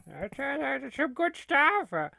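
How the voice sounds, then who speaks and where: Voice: sits high, big pitch swings, takes it slowly, gravelly, bright, forceful tone, no room sound, clean studio sound, full character voice. A performer playing a folksy male gamer with a shaky put-on Minnesotan accent who rambles, with lots of fillers, in a comedy gaming sketch.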